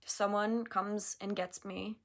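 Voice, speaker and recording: A young woman from the United States recounts a personal story straight to camera. Her delivery is chatty and animated, peppered with casual fillers as she relives each step. It has the easy, unscripted feel of a vlog. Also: medium pitch, slow. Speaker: vlogger.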